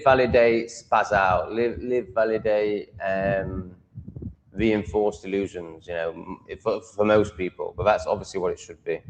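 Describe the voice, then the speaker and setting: Blunt, sweary English man, low voice. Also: darkish tone, a little hiss or hum, rough recording. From England. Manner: blunt, sweary and ranting, with mocking asides. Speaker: livestream host. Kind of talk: live stream chat answering comments.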